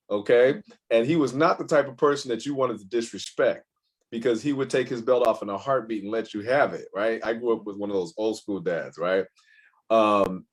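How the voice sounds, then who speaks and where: Candid, rambling man telling stories. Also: mid-range voice. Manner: rambling, frequent fillers and restarts, candid. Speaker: guest. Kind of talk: casual interview storytelling.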